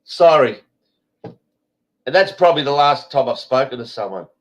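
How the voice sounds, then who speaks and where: A man's voice: mid-range voice, animated, moderate pace. An Australian man hosting an online show, congested and stuffy, rambling in a blunt, foul-mouthed, casual way. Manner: swears freely, blunt and rambling. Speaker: show host. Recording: dull lo-fi stream audio.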